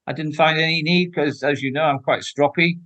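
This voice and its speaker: A man's voice: on the high side, steady tone, brisk, a bit bright. An older man, a former royal protection officer, answering interview questions in an emphatic, outspoken way with frequent restarts.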